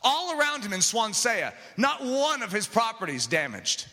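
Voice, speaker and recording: A man preaches with fervor, his voice pitched high and ringing bright. His delivery rises and falls in lively swings. The sound carries a long reverb, as if recorded in a large hall. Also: moderate pace. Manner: impassioned, builds to shouting. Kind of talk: sermon.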